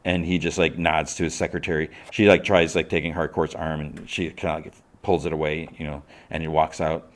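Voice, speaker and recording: A man's voice: extremely low pitch, level tone, fairly quick. A man hosting a podcast, recapping a TV episode casually with many fillers and restarts. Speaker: podcast host.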